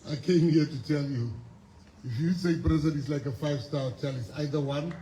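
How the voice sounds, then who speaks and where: Man, South African accent, 50s, motivational speech, emphatic storytelling, warm tone, roomy echoey hall. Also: a little high, a little hiss or hum. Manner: emphatic storytelling with repeated phrases and pauses. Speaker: guest speaker at a school. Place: school assembly hall. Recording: echoey hall with faint ambience.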